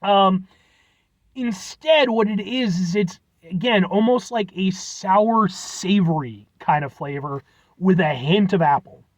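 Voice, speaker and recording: Taking his time, a high-pitched American man reviews a drink in a relaxed chat, wandering off with plenty of fillers and self-mocking remarks. He works as a food reviewer, and there's no echo on the audio.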